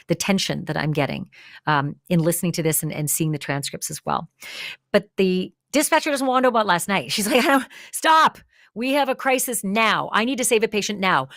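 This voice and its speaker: A woman's voice: on the low side, no echo, studio quality. A woman hosting a true crime show, talking through the evidence step by step in a conversational way. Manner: acts out quoted lines with more energy. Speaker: true crime channel host.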